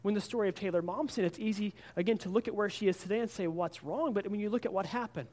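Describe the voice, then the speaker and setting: Pastor, male, high voice, earnest sermon storyteller who stumbles and repeats words. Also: steady tone, very fast, a little mellow.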